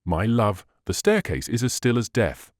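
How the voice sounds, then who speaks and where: A man doing a calm, kindly old doctor. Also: fairly low pitch, moderate pace, no room sound, clean studio sound. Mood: soothing.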